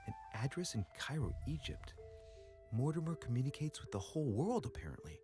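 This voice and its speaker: Guy doing a young noble in a video game, measured and wondering, voice rises and falls a lot, game music behind. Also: mid-range voice, big pitch swings, close to an everyday voice. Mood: musing. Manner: measured, musing. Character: young nobleman puzzling over his mother's letters.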